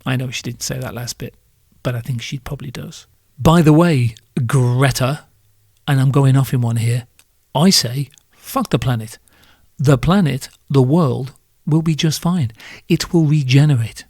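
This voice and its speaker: A man's voice: mid-range voice, unhurried, darkish tone, slightly rough, no room sound, clean studio sound. A British man hosting a solo podcast, ranting in a sardonic, crude and profane way. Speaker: podcast host.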